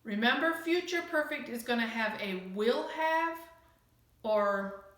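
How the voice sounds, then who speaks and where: A woman teacher giving a recorded grammar lesson, slow and patient, explaining with repeated examples. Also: on the high side, lively intonation, a bit bright. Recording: very echoey room.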